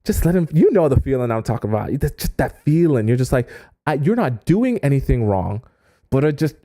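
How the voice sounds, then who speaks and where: A man giving dating advice on a live stream, animated and often acting out quoted voices. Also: mid-range voice, fairly quick. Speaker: dating coach.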